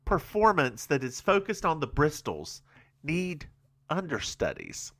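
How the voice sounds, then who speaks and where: A man co-hosting a casual podcast, walking through a TV episode and slipping into playful character voices. His tone is bright, his pitch swoops around a lot, and he takes his time. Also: wildly swooping pitch, measured pace. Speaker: podcast co-host. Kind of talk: casual recap chat.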